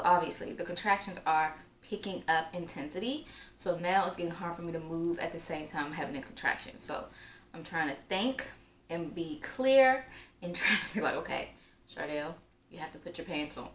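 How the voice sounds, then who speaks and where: A young woman with a fairly low voice, telling a story in a relaxed, chatty way and leaning on casual fillers. The room gives her voice a roomy echo, with faint noise underneath. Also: normal speed. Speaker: vlogger.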